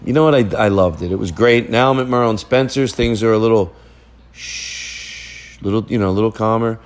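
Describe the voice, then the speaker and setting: A man's voice: fairly low pitch, fast. A man hosting a podcast, chatting casually and rambling with jokes and restarts, with family around him. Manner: rambling, jokey, self-interrupting. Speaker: podcast host.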